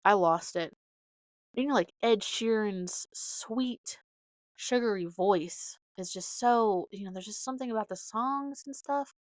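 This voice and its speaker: This podcast host, a young adult woman, tells stories casually and meanders along with plenty of fillers. Her voice is mid-range and unhurried, and there's no room sound.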